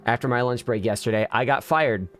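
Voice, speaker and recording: A man's voice: mid-range voice, brisk, a bit bright, smooth. A man streamer in casual live-stream chat, venting candidly to his viewers with frequent restarts.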